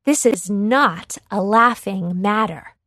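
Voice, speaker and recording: A woman's voice: medium pitch, fairly bright tone, no room sound, studio quality. A woman voicing firm, kind villagers. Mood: stern. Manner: firm, measured, admonishing. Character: kind village elders, gently scolding.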